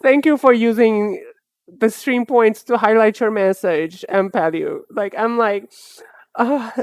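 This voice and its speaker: A woman's voice: fairly high pitch, slow, dry recording, clean studio sound. Chatty young woman streaming a game. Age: 20s. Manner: chatty, rambling, stumbling restarts. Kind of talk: casual gameplay livestream chat.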